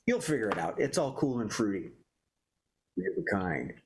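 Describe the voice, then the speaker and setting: A man's voice: fairly low pitch, sing-song, moderate pace, a little hiss or hum. A man hosting an online improv comedy show, announcing games and scene prompts in a jokey way. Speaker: improv game host.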